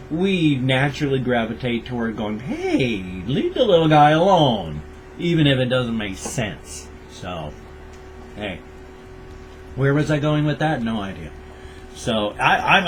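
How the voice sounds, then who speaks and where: A man's voice: mid-range voice, slight background noise. Older man rambling tenderly in a vlog. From United States. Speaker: vlogger.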